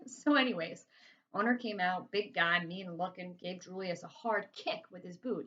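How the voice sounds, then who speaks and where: A woman's voice: medium pitch, animated, moderate pace, a bit bright. A woman reading a children's novel aloud in a casual, chatty first-person storytelling way. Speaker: reader. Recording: slightly muffled lo-fi recording.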